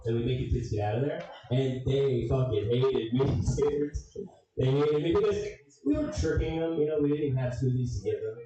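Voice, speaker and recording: A young man doing a stand-up comedy set, telling a story with swearing and loud funny voices. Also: mid-range voice, normal speed. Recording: echoey room, distant mic.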